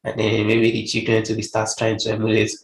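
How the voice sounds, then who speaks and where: A man with a Nigerian accent co-hosting a casual podcast discussion, speaking in a measured, conversational way with many fillers. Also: lowish voice, monotone, gravelly, slight background noise. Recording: roomy, echoey room.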